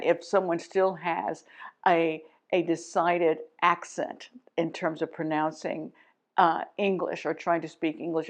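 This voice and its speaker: A middle-aged woman from Texas, an educator explaining literature themes to teachers, thoughtful and emphatic with frequent restarts and asides. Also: fairly low pitch. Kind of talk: teaching talk to camera.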